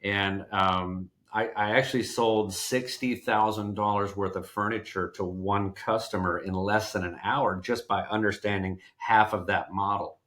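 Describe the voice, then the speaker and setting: Middle-aged man, fairly low voice, folksy interview guest who keeps restarting phrases. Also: a little slow, hardly any pauses. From Georgia, USA. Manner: folksy, animated storyteller who acts out quotes and restarts phrases. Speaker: podcast guest, sales trainer. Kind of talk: casual storytelling interview.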